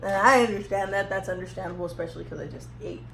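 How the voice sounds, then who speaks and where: A woman's voice: mid-range voice, fast talker, creaky, soft background music. Chatty young woman, echoey room. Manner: laughing, rambling, self-teasing. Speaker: vlogger telling a story. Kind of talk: casual storytime chat. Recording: echoey room, faint background hum.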